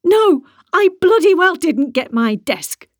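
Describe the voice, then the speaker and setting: Female reader doing a distraught wife, yelling high and loud, dry close sound. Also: expressive, moderate pace, dry recording. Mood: demanding. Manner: shouting, swearing, high strained voice. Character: distraught furious woman, abandoned wife. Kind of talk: audiobook character reading.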